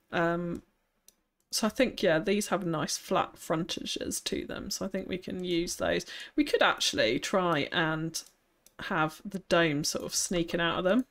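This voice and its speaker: A woman streams a city-building game, chatting casually, thinking out loud and laughing often as she builds. Her voice is fairly low yet fairly bright, and she takes her time.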